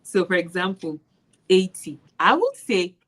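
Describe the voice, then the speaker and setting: Nigerian woman teacher, animated storyteller, slightly low voice, casual interview. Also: a little slow, poor audio. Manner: animated storyteller, laughs while retelling classroom moments. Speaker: special education maths teacher.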